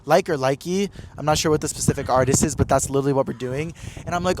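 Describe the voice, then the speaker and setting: Excitable young man, slightly high voice. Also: fast talker, background noise. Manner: excitable, gossipy, heavy "like" filler. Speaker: podcast host. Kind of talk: casual chat.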